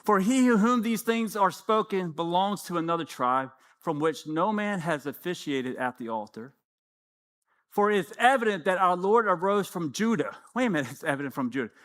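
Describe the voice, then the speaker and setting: Fifty-something guy preaching, really high bright voice, acts out the back-and-forth with god. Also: normal speed. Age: 50s. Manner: animated preaching, acting out prayers and dialogues. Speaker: pastor. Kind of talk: sermon.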